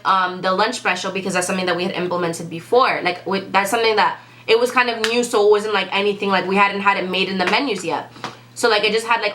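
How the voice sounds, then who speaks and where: A woman's voice: medium pitch, pushed and bright. A young woman telling a restaurant story in a casual vlog, chatty and full of "like". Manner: chatty, says "like" a lot. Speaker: vlogger.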